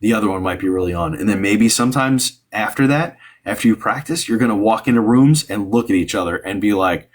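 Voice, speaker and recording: A man's voice: fairly low pitch, fast, hardly any pauses. A man hosting a live stream as a psychic medium, giving rambling, upbeat advice to a caller with many fillers and restarts.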